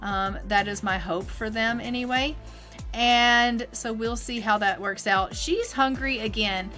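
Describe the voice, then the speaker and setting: A woman streamer giving casual let's-play commentary, chatty and full of fillers and quick asides. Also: on the high side, bright, forceful tone, soft background music. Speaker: game streamer.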